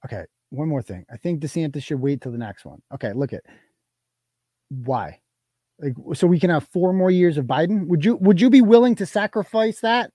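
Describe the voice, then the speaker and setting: The man hosting this live show delivers a furious, profanity-filled political tirade, frequently breaking off and starting his sentences over. His fairly high voice is animated yet mellow, at a moderate pace, in clean studio sound with no echo.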